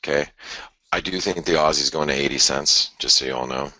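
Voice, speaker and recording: Very deep husky man talking charts. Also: a little fast, sharp tone, no room sound. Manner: conversational, thinking aloud with restarts and sighs. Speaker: forex market analyst host. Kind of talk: live trading chart analysis.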